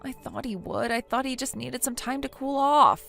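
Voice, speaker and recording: A whiny, naive young wife, voiced by a synthetic woman, hesitant and pleading as she makes excuses. Her voice sits a little high, and faint music runs under the text-message story. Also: moderate pace, vocal fry, fairly bright tone. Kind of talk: text-to-speech text story narration.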